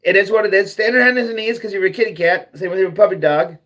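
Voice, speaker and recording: A man's voice: high-pitched, fast talker, fairly bright tone. A man hosting a livestream, ranting bluntly and profanely, repeating himself as he goes. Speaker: livestream host. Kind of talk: ranting monologue.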